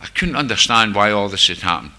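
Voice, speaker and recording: A man's voice: fairly low pitch, expressive, a little fast, sharp tone. An older man with a Glasgow-area Scottish accent, candidly telling a group his own recovery story with wry, self-mocking humor. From Scotland, near Glasgow. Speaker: speaker sharing recovery story. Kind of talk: personal testimony to a group.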